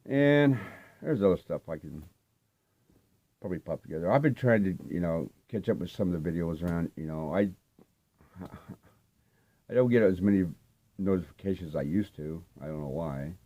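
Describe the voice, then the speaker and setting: An older vinyl vlogger talks in a low, expressive, mellow voice at normal speed with long pauses, the audio sounding dull. He casually rambles through his record finds in a laid-back show-and-tell full of fillers.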